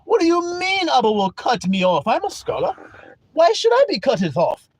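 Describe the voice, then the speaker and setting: A man's voice: extremely high pitch, wildly swooping pitch, moderate pace, breathy edge, pitched above the performer's own voice, full character voice. A preacher voicing a pompous, self-assured male scholar who talks down to others. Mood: haughty. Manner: haughty, condescending.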